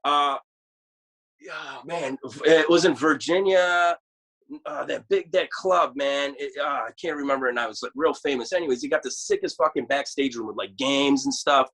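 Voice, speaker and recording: A man guest telling rambling, animated, profanity-filled road stories in a casual chat. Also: mid-range voice, normal speed, low-quality recording. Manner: rambling animated storyteller, swears a lot. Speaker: guest musician.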